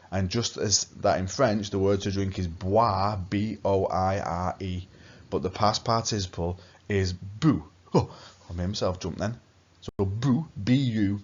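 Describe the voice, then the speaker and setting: A man teaching a recorded language lesson, patient and repeating key points for emphasis. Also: sits low. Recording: dull lo-fi recording.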